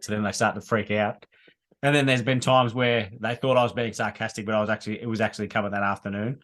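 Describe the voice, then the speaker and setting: An Australian man in his thirties with a low voice, speaking as a podcast guest. He talks casually, searching for words and filling pauses. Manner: even, hesitant, many fillers. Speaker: guest, landscaper.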